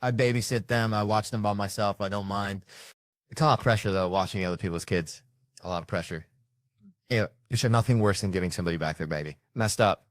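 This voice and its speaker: Male stand-up comedian, lowish voice, dry close sound, animated storytelling. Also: brisk, no room sound. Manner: animated storytelling, acting out family members.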